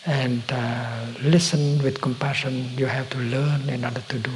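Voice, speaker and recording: A man giving a slow, gentle dharma talk as a meditation teacher, halting often and dropping to a soft whisper at times. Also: mid-range voice, steady tone, a little hiss or hum, poor audio.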